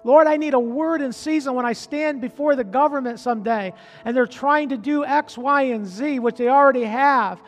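A man preaching as pastor of his church, from upstate New York, building from quiet talk to loud, pleading calls to the congregation. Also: extremely high pitch, moderate pace, few pauses, long reverb tail. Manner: repetitive rallying calls to the congregation. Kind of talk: preaching a sermon. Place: church sanctuary.

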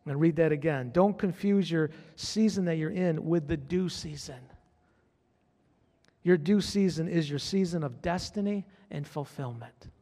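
A man's voice: on the high side, normal speed, warm tone. A male pastor preaches with fervor, driving his points home through repetition and direct call-outs to the church. His voice sits a little above the usual male range. A long reverb from the church hall trails behind every phrase. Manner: fervent preaching, repeats phrases, calls out to the congregation. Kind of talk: sermon.

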